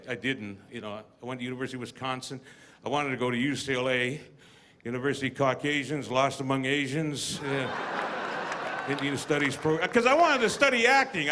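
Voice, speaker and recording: A man performing a stand-up comedy routine, telling stories and acting out voices with deadpan punchlines. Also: medium pitch. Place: comedy stage with live audience. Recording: live audience, noisy room.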